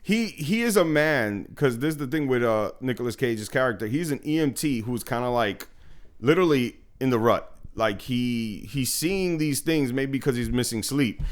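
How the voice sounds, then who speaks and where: A man's voice: medium pitch, animated, moderate pace. A man from New York co-hosting a podcast, talking through a movie in a loose, rambling way with lots of fillers and casual swearing. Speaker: podcast co-host. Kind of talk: casual movie-review chat.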